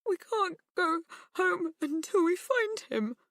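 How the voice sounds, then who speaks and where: A woman voicing a frantic teenage girl, high and shrill. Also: expressive, slow pace, no room sound, studio quality, heavily acted. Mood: tearful. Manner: high, loud, pleading calls. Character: frightened teenage girl searching desperately.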